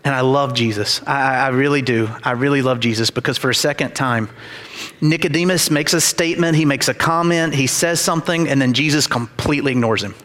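A man's voice: mid-range voice, a little fast, fairly bright tone. A man preaching a sermon as pastor, emphatic and repetitive, with dramatized quotes. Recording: reverberant hall.

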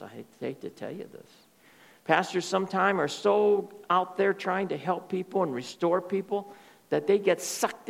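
A male pastor preaching a sermon in an animated way, often dropping to soft, hushed tones. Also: high voice, vocal fry.

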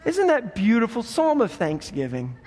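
Pastor, male, very high-pitched, animated storyteller, recorded in an echoing hall. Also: moderate pace. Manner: animated storytelling, acts out voices in quotes. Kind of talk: sermon. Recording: long hall reverb.

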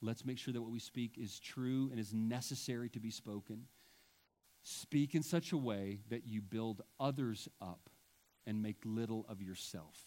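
A man's voice: lowish voice, moderate pace, warm tone. A male pastor preaching a sermon with emphatic delivery and wry asides.

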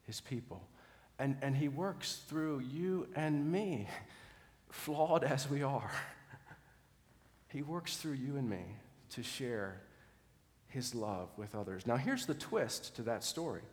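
A middle-aged male pastor tells a sermon story in an earnest, mid-pitched voice. He stumbles over words and repeats them, then sinks to a hush at tender moments. His voice rings out with a long reverb, as in a church sanctuary. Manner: earnest, repeats words in restarts, drops soft for quiet moments.

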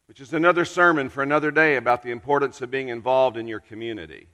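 Male preacher, earnest storyteller with dramatic pauses, bright tone, long church-hall reverb. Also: medium pitch. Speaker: pastor. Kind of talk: storytelling sermon.

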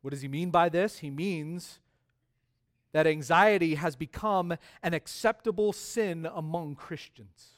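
A man preaching a sermon as pastor, stressing key words by repeating them and swinging between quiet drops and loud rises. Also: a little high, unhurried.

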